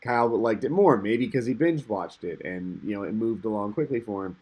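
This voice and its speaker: A man's voice: fairly low pitch, fairly quick, darkish tone, husky. A man co-hosting a podcast in casual chat, rambling and loose with some swearing. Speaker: podcast co-host.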